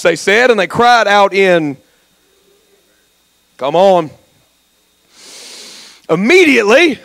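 A male pastor preaching a sermon, jumping from folksy jokes to shouted exhortation. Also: very high voice, no echo. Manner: passionate, swings from quiet asides to shouted exhortation; folksy, joking asides. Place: church sanctuary.

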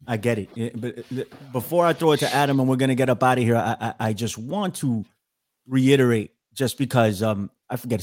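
A man's voice: medium pitch, a little mellow, dry recording, clean studio sound. A man hosting a livestream panel, ranting heatedly with many stammered restarts. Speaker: show host. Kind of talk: casual livestream panel talk.

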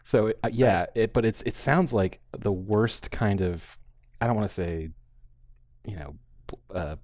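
Low-voiced man discussing films. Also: dry recording. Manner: animated, acts out quotes, frequent fillers. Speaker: podcast host. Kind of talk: casual film discussion.

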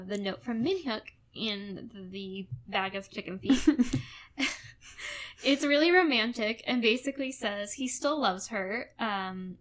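A woman's voice: a little high, fairly bright tone. A woman co-hosting a casual podcast, recapping a drama episode in a chatty way, often laughing and saying "like". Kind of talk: casual chat.

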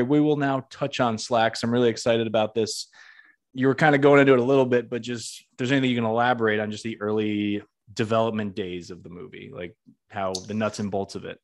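A man's voice: medium pitch, darkish tone. A man from Massachusetts hosting an interview, talking casually and rambling with lots of fillers and side stories. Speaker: podcast host interviewing a filmmaker.

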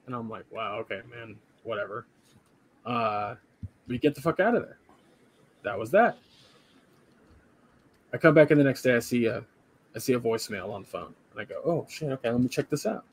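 A man's voice: mid-range voice, fairly quick, long pauses, husky. A tired young man, a podcast co-host, casually retelling a work story and acting out the voices of the people in it. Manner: animated retelling, acts out quoted voices, swears casually.

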